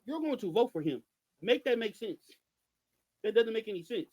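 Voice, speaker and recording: Podcast co-host, male, high and lively voice, emphatic commentary. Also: moderate pace, muffled recording. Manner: animated, emphatic, rhetorical questions. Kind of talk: passionate political commentary.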